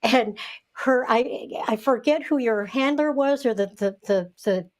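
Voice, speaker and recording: Woman, co-host, somewhat high voice, rushed eager storytelling, video call. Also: darkish tone. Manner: eager, rushed, laughs while telling. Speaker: podcast co-host. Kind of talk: casual storytelling.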